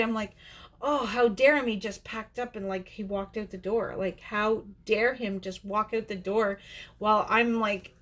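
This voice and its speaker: A woman's voice: mid-range voice, a bit bright. A woman vlogger talks to her camera in a loose, rambling way. She laughs often and restarts her sentences as she goes, like someone chatting with friends. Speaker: doll artist and channel host. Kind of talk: casual storytelling to camera.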